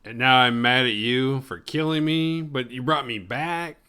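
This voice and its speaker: A man's voice: mid-range voice, unhurried, pushed and bright, clean tone, pitched above the performer's own voice. A man voicing a grudge-holding undead male slasher who grumbles about being wronged. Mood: aggrieved.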